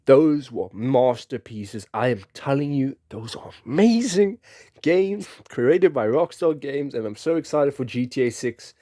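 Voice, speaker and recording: Excitable young man rambling about games. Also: medium pitch, a little slow, no echo, clean studio sound. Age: young adult. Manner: excitable, rambling, chuckles often. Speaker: podcast host. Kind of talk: casual rambling commentary.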